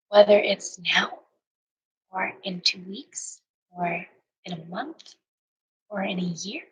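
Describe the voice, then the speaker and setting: A woman yoga teacher giving an earnest, emotional motivational talk, sometimes dropping into soft near-whispers. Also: mid-range voice, poor audio. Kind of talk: personal motivational monologue.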